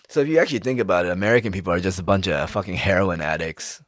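Man, casual rant, profane, rhetorical questions, low voice, dry close sound. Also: very fast, hardly any pauses, dry recording. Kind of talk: casual ranting monologue.

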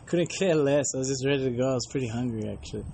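A man's voice: medium pitch, very fast, creaky, darkish tone, a little hiss or hum. A man, a traveling monk, casually telling travel anecdotes and acting out bits of dialogue. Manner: chatty, acts out dialogue in anecdotes.

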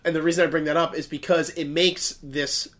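Laughing high-voiced guy swearing freely. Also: flat delivery, brisk, fairly bright tone. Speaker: podcast co-host. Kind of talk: casual chat. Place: hotel room.

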